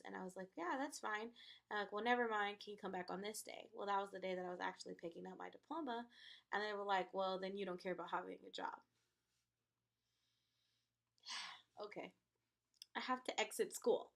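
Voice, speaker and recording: A young woman vlogger telling stories in a casual, animated chat to the camera. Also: mid-range voice, vocal fry. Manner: animated storytelling, acts out quoted people.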